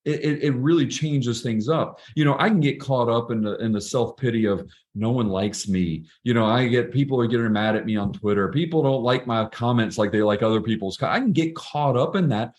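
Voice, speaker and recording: A man's voice: mid-range voice, fairly quick, few pauses, darkish tone. A middle-aged man speaking as a podcast guest, telling personal stories in an earnest, reflective way with frequent restarts. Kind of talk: casual interview conversation.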